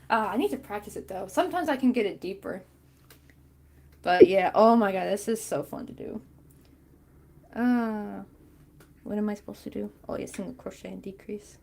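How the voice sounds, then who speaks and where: A woman's voice: mid-range voice, moderate pace, vocal fry, pauses often, a little mellow, breathy edge. A woman chatting casually and rambling with many fillers while she crochets on a stream.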